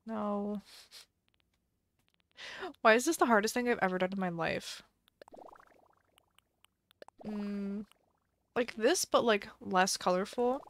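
A woman's voice: mid-range voice, slow pace, long pauses, no room sound. A woman streamer chatting casually on a live game stream, thinking aloud and musing indecisively as she plays.

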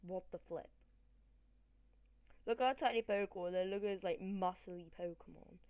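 A woman giving rambling, excitable let's-play commentary, swinging between loud cheers and quiet mumbles into a desk microphone. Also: lowish voice, normal speed, dry recording. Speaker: gamer.

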